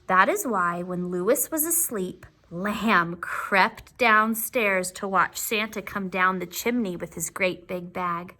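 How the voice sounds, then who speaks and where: Teacher reading aloud to little kids, slow and very expressive, bright voice. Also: female voice, on the high side. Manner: slow, expressive, with asides to the children. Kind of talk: reading a picture book aloud to young children.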